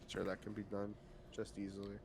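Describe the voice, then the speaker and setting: A man's voice: lowish voice, monotone, brisk, gravelly, noisy background. A man voicing an obliging, easygoing male townsman in a tabletop game. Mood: agreeable.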